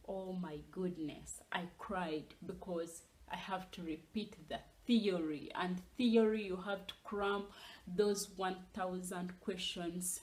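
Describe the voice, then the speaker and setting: A young woman telling her own story in a casual vlog, animated and dropping into whispers for asides. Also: lowish voice, takes it slowly, low-quality recording. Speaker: vlogger.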